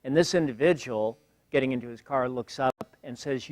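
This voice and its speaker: An older man giving a university guest lecture in a measured, wry way, pausing often with fillers. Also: medium pitch, no echo. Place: lecture hall.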